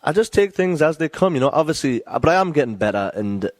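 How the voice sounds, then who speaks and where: An English man, a wrestler, talking in a casual podcast interview in a hesitant, soft-spoken way, restarting often. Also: a little high, sing-song, fast talker, no room sound. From England. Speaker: wrestler guest.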